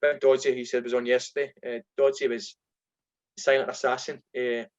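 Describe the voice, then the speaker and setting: A middle-aged man with a Scottish accent tells dressing-room stories in a relaxed sit-down chat. He slips into other people's voices when he quotes them. The recording sounds slightly dull and lo-fi. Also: medium pitch, normal speed. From Scotland. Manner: animated anecdotes, acts out voices in quotes. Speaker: former footballer, guest. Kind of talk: casual storytelling.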